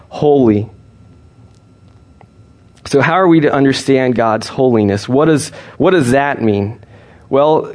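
A man preaching in a steady, earnest teaching voice at a mid pitch. He works through the scripture verse by verse and often restarts a phrase before finishing it. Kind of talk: sermon.

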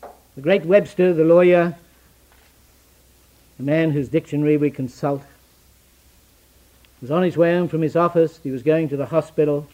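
A man preaching a sermon, asking rhetorical questions and answering them in short, repeated phrases, rising to loud emphasis and then dropping to hushed, slow lines. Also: a little high, fairly even intonation, low-quality recording. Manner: slow deliberate stresses on key phrases.

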